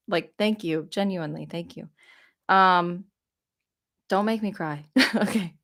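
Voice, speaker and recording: A woman's voice: mid-range voice, fairly bright tone. A young woman hosting a casual live Q&A from her phone, gushing with thanks and rambling as she answers questions. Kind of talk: casual livestream chat. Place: home, living in South Korea.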